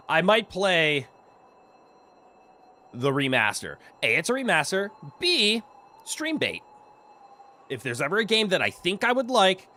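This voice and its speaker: A man's voice: fairly high pitch, sharp tone. A man streaming a video game, chatting casually and playfully with his viewers. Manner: goofy, playful, quick laughs. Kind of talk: casual gameplay commentary.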